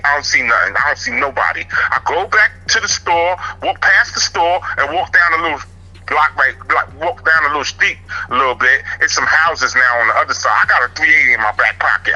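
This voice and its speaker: A man tells a story from his own street life, talking loose and animated. His voice sits a bit high and cuts through sharp and tense, and he keeps pulling the listener in with asides as he goes. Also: husky, poor audio. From New York. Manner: streetwise, animated, keeps saying "you know what I'm saying". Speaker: interview guest.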